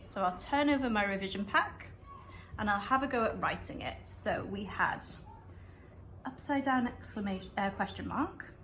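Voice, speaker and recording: A woman teacher calmly walking students through a revision method, repeating phrases slowly and clearly. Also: medium pitch. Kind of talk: revision lesson walkthrough.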